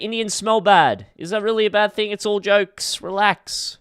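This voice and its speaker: A young man streaming, reacting to clips with casual commentary that swings from muttered asides to shouted, swearing outbursts. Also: sits high, moderate pace, hardly any pauses, clean tone, dry recording, studio quality.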